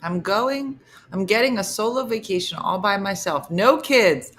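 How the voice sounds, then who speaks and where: A woman's voice: mid-range voice, expressive, unhurried, a bit bright. A middle-aged woman hosting a casual livestream chat, talking about her home and reading out viewer comments. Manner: chatty, reads viewer comments aloud. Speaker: host.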